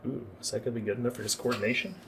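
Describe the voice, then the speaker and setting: A man's voice: medium pitch, level tone, rapid-fire, background noise. A man narrating as game master for a livestreamed tabletop game, explaining the rules at length.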